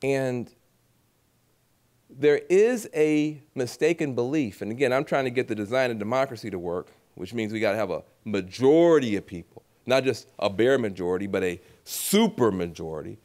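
A man giving a lively public speech at a gala, animated and preacherly, acting out voices and repeating phrases for emphasis. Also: medium pitch, moderate pace. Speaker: keynote speaker at an awards gala.

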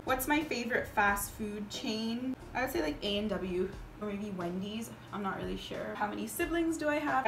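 A woman in her twenties, a beauty vlogger chatting casually while doing her makeup, telling stories in an animated way with lots of fillers. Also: mid-range voice, vocal fry, a little hiss or hum. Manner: animated storytelling, filler-heavy. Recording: roomy echo with background music.

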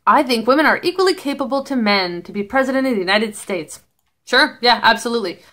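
Woman vlogger, high-pitched, blunt, sweary, sarcastic. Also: expressive, fast talker, fairly bright tone. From Canada. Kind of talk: casual vlog commentary.

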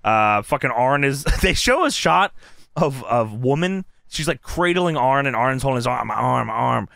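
A man co-hosting a casual podcast, laughing often and acting out quotes in loud, high voices. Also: sing-song, moderate pace, no echo, clean studio sound. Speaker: podcast co-host.

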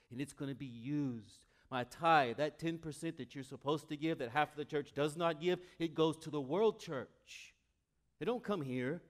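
A male pastor with a mid-range voice gives a lively sermon, moving from booming exclamations down to quiet, personal asides.

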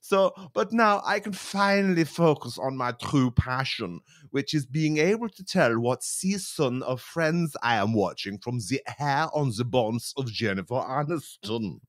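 A man putting on the voice of a silly, excitable male news pundit who rambles in babyish talk. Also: mid-range voice, measured pace, hardly any pauses, no room sound, clean studio sound, pitched above the performer's own voice. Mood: babbling.

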